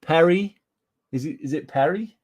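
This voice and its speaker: A man's voice: a little high, normal speed. A British man giving casual reaction commentary on gaming news, ranting and swearing, repeating himself and answering live chat.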